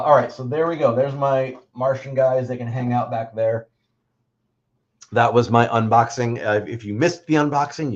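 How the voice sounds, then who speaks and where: A man's voice: fairly low pitch, darkish tone. Chatty man on a lo-fi livestream. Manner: chatty, rambling with many fillers and restarts. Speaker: livestream host. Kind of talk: casual livestream chat.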